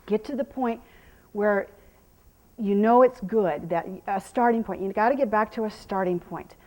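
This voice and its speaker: A woman horse trainer explaining a hands-on demonstration, often dropping to soft murmurs of praise for the horse. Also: medium pitch, normal speed.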